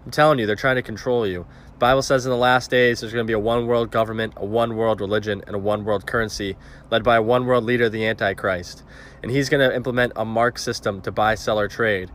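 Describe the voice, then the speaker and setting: A man's voice: on the low side, steady tone, fast, a bit bright, a little hiss or hum. A man giving an insistent, preachy monologue to camera. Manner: earnest, insistent.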